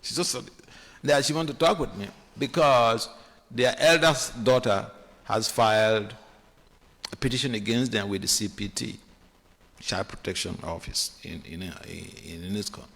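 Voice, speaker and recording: A man giving a sermon-style class in a temple hall, animated and acting out quoted voices, halting often with restarts. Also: fairly low pitch, gravelly. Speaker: speaker giving a scripture class.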